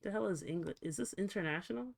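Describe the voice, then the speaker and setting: A woman streamer chatting casually to her viewers, swearing freely and reacting out loud while she fiddles with settings. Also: medium pitch, expressive, fast, gravelly. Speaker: livestreamer. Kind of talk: casual livestream chat.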